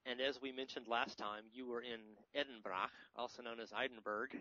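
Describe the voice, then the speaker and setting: A man's voice: mid-range voice, fairly even intonation, a little fast, pushed and bright. Joking American man hosting a podcast. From United States. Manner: joking, rambling banter. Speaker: podcast host. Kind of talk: casual podcast chat. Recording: dry, slightly muffled podcast audio.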